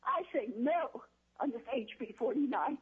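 A woman pleads her case in emotional, indignant public testimony. Her voice sits high and comes through a thin, tinny telephone line. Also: lively intonation, moderate pace, slightly rough.

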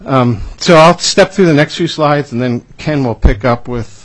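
Formal official testifying to lawmakers. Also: male voice, fairly high pitch. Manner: measured and formal, with fillers and repeated words. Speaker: deputy commissioner of a state revenue department.

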